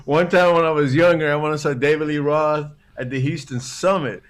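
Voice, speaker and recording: A man's voice: fairly high pitch, steady tone, brisk. A man telling loose, swearing stories in a casual podcast chat, often laughing as he talks. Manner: laid-back, laughing storyteller, swearing freely. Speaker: guest guitarist.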